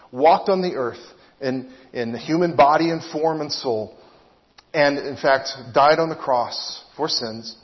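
A man delivers an earnest sermon in a slightly raised voice, working through his point with rhetorical questions to the congregation. His words ring with a long reverb, as if from a large hall, and the recording sounds dull and muffled. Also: on the high side. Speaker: preacher.

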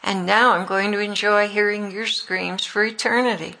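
A woman's voice: medium pitch, steady tone, normal speed, creaky, pushed and bright, poor audio. A woman voicing a mocking male devil who gloats over his followers, in a nearly everyday voice. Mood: gloating.

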